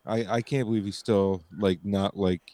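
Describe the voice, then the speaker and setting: A man in a casual movie chat, rambling with halting restarts and casual swearing. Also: on the low side, steady tone, mellow, no room sound. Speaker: podcast guest.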